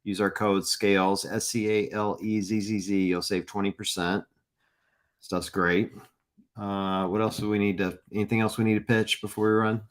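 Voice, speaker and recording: A man from Mississippi co-hosting a live podcast, chatting casually, joking and quick to laugh. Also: on the low side, level tone. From Mississippi, USA. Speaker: podcast co-host.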